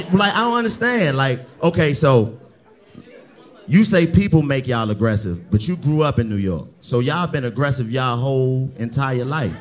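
A male stand-up comedian roasting the audience with loud, brash crowd work, often yelling and cursing. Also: mid-range voice. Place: live comedy club ballroom. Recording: live club with crowd noise.

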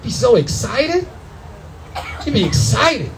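High-voiced animated stand-up comic. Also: male voice, takes it slowly, a crowd in the background, rough recording. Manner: loud, animated storytelling with profanity and acted-out voices. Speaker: stand-up comedian. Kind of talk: stand-up comedy set. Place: comedy club.

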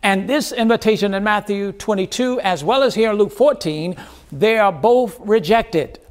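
A pastor preaching a sermon, earnest, with dramatic pauses and repeated phrases. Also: male voice, high-pitched.

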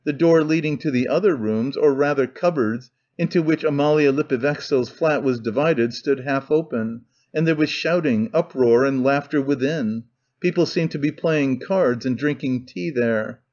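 A man reading a novel aloud as an audiobook narrator, in steady, measured storytelling. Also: mid-range voice, dull audio. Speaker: audiobook reader. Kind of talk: scripted narration.

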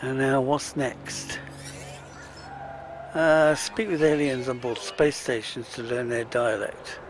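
A man's voice: medium pitch, fairly even intonation, slow pace, music in the background. A British man giving casual, chatty commentary while playing a space exploration game, chuckling and muttering to himself as he goes. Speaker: let's play gamer.

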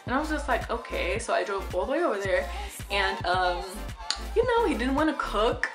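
A young woman in a casual storytime vlog, chatty and animated, swearing freely. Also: fairly high pitch, fast, reverberant, over music. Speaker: vlogger.

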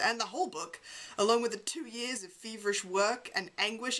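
A woman's voice: mid-range voice, a bit bright, rough recording. A woman reading a memoir aloud as an amateur reader, with a wry, sardonic delivery.

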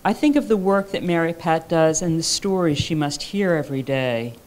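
A woman's voice: sits low, lively intonation, moderate pace, a little mellow. A woman author reading her own fiction aloud at a live writers' conference, in a dry, wry first-person voice.

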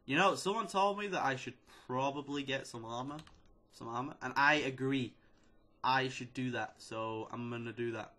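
A man hosting a casual let's-play video, excitedly chattering at the characters in his game. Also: mid-range voice, moderate pace. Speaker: gaming video host. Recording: loud steady background noise.

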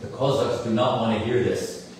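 A man in his forties who tells a story to an audience, animated, with many fillers and asides. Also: medium pitch, normal speed. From United States. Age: 40s. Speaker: musician giving a talk. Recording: echoey hall, mic at a distance, faint room noise.

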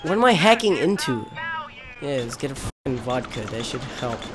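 A young man doing gaming commentary, frustrated and swearing as he yells at enemies. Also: very animated, normal speed, over music. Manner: frustrated, swearing, yelling at enemies, with wild swings in pitch. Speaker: gamer.

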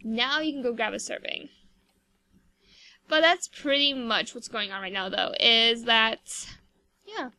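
A woman's voice: on the high side, unhurried, long pauses, sharp tone. A woman giving casual, rambling commentary over a life-sim game, chatty and full of fillers. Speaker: gameplay video host.

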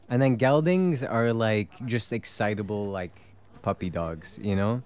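A man's voice: on the low side, darkish tone. A man streaming a video game, chatting casually, laughing often and swearing freely. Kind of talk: casual gameplay chat.

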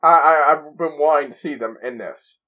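A man's voice: a little high, moderate pace, muffled recording. A man hosting a reaction video, talking in a giddy, rambling way full of stammered restarts. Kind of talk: excited reaction commentary.

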